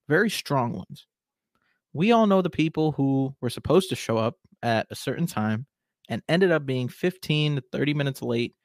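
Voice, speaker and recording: A man's voice: medium pitch, no room sound, studio quality. A man in his twenties hosting a solo podcast, talking casually and with strong opinions. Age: 20s. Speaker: podcast host.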